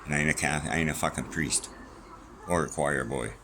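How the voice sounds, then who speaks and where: A man's voice: rumbling low, fairly quick, fairly bright tone, slight background noise, poor audio. A middle-aged man rambling casually and profanely in a vlog from a small room at home, jumping from topic to topic. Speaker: vlogger.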